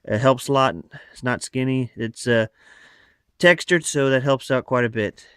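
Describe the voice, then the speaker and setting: A man's voice: mid-range voice, normal speed, a bit bright, clear, resonant tone, no room sound, studio quality. A man casually showing off his rifle add-ons, rambling with lots of fillers, filmed on a phone. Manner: rambling, many fillers and asides. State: out of breath. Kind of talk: casual show-and-tell. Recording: phone recording.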